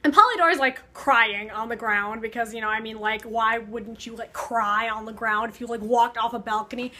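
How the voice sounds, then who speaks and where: A woman's voice: a little high, brisk, bright, forceful tone. A young woman vlogging, telling a story in a rambling, sarcastic way full of fillers, talking to the camera. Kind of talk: casual storytelling vlog.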